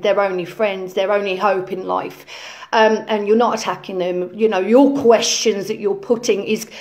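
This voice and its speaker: A woman's voice: medium pitch, darkish tone, close to an everyday voice. A woman playing a self-important conspiracy influencer in a comedy parody lesson, preaching in a rambling way full of ums and repeated phrases. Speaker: lecturing influencer character.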